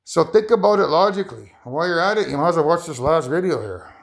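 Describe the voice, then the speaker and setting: A vlogger talks loosely to his viewers in a rambling casual monologue, his voice rising and falling a lot. Slightly higher than most men's, his voice has vocal fry and a quick pace; he's excitable, keeps laughing, and his pitch jumps high in bursts.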